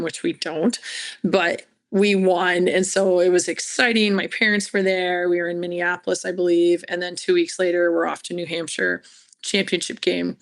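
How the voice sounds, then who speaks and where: A woman's voice: fairly low pitch, creaky. A woman college hockey coach, talking candidly and telling stories in an interview. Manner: chatty, storytelling.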